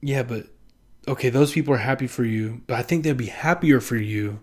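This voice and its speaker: A young man talks to camera in a loose, rambling vlog. His pitch sits at an ordinary middle level for a man. He swears freely, mocks himself and laughs often as he goes. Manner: rambling, profane and self-mocking, often laughing; acts out other people in quick put-on voices. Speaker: vlogger. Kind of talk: casual monologue to camera.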